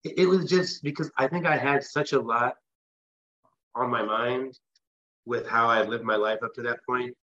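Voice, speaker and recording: Husky-voiced man telling a rambling story. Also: medium pitch, fairly even intonation, moderate pace, a bit bright, dull audio. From US West Coast. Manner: rambling, with restarts and filler phrases. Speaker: interview guest. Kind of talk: casual storytelling.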